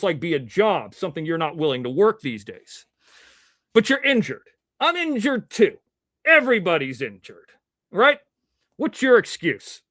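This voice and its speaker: A man with a fairly high voice hosts his own livestream news show, drifting from story to story and arguing straight at his critics. His words come through a little muffled from the face mask he wears. The sound is dry and close, with no room echo. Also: a bit bright. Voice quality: slightly muffled from wearing a mask. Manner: rambling, combative, talks to chat and critics directly. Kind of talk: casual livestream commentary.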